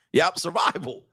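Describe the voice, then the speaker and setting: Blunt, profane male livestream coach. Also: sharp tone. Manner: blunt, profane, repetitive, asks the audience for agreement. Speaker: dating and relationship coach streaming live. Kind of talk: casual livestream monologue.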